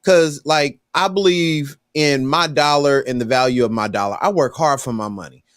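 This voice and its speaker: A man's voice: a little high, moderate pace, a bit bright, no room sound, studio quality. A man, a podcast co-host telling stories in casual chat with emphatic, preachy conviction.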